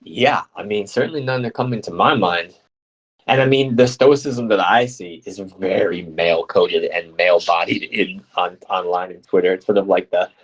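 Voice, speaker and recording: A young man with a somewhat low voice and a New Jersey accent hosts a live radio talk show. He reads out listener comments and muses on them in a loose, rambling way. He often mocks himself with a playful, joking tone. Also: slightly rough, rough recording. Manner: playful, rambling, self-mocking, with jokey put-on voices.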